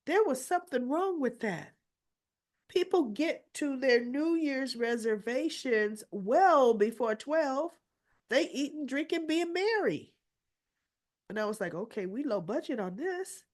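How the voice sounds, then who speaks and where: A woman's voice: high voice, expressive, slow pace, a little mellow. A woman hosting a casual soap opera recap, chatty and opinionated, acting out the characters' lines and sounding a little winded. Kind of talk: casual retelling of episodes.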